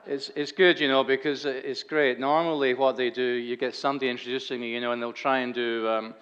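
Here a man from Scotland, in his sixties, gives a funny talk as a church guest speaker, hesitating often and poking fun at himself in a dry way. He speaks a little fast in a medium, fairly monotone pitch, with a smooth and somewhat bright tone. The recording is dull and lo-fi.

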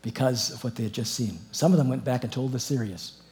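Middle-aged male Bible teacher, lively and informal, quick to laugh at his own asides. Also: medium pitch. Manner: animated, chuckling, reads verses then comments.

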